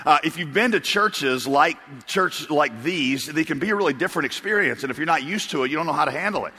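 A pastor preaches in a slightly high, animated voice, quick and bright, pushed and a touch rough. His sermon rambles through funny anecdotes full of chuckles and restarts, carried by the long reverb of a church auditorium.

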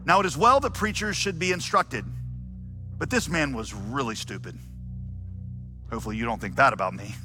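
Bright-voiced preacher man. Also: mid-range voice, normal speed, long pauses, faint music behind. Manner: dramatic, rising to shouts when quoting. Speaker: pastor. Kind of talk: sermon.

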